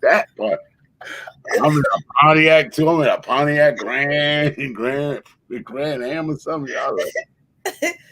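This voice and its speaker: A man's voice: fairly high pitch, unhurried, sharp tone, no room sound, rough recording. A man, hosting a stream and telling exaggerated comic stories with lots of laughter. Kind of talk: joking storytelling on a livestream.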